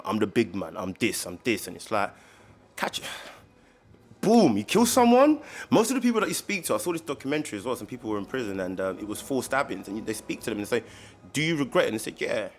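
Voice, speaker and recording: A man's voice: mid-range voice, big pitch swings, fast. A man who works as a personal trainer, talking casually as a podcast guest in a laid-back, slang-heavy, emphatic way. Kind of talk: casual chat.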